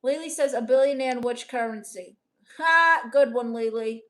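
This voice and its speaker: A young woman from Brooklyn reading out her chat on a casual livestream, dry, deadpan and sarcastic. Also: on the high side, brisk. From Brooklyn, New York. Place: home in Los Angeles.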